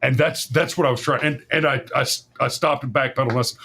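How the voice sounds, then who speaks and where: A man's voice: medium pitch, fairly even intonation, quick pace, hardly any pauses, bright, forceful tone, breathy edge. A man hosting a talk show, telling a long casual story with frequent restarts, repeated words and swearing. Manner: rambling, profane, many restarts and self-corrections. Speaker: podcast host.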